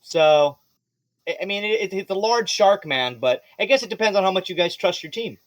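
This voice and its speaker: A man narrating as game master of a tabletop game, animated and swearing freely. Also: high voice, moderate pace, dry recording.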